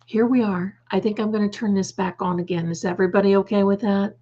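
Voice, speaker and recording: Speaking fast in a steady, dark-toned mid-range voice, this US livestream host chats from home with her audience, reading their comments and warmly addressing them as darling. The sound is lo-fi.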